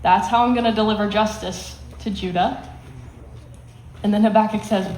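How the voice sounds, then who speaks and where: A woman's voice: medium pitch, fairly even intonation, normal speed, long pauses, a little mellow. Woman, youth Bible teacher, plain explanatory delivery, reverberant room with faint hiss. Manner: explains plainly, acts out quotes with emphasis. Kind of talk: teaching a Bible lesson to students.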